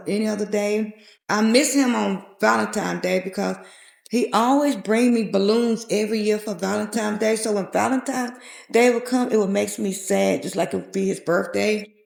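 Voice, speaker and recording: A woman's voice: medium pitch, vocal fry, a little mellow. A middle-aged woman earnestly telling a heartfelt personal story as a podcast guest. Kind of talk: personal testimony in a podcast interview. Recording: echoey room.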